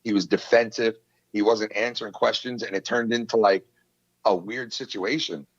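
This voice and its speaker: A man, hosting a podcast and retelling a feud in a heated, profane, animated way. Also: lowish voice, normal speed, breathy edge, dry recording, lo-fi sound. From New York. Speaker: podcast host. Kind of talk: casual podcast storytelling.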